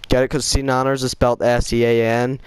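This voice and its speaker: A man's voice: medium pitch, little pitch movement, brisk, crowd noise. An Irish man chatting casually and teasing friends while playing a game online. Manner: joking, teasing, spells things out. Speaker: gamer in party chat. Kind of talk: casual gaming chat.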